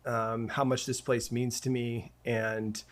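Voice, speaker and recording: A podcast guest in his forties, medium in pitch, tells a long story from his life. The account begins in fits and restarts, then turns animated once he's caught up in reliving the scenes.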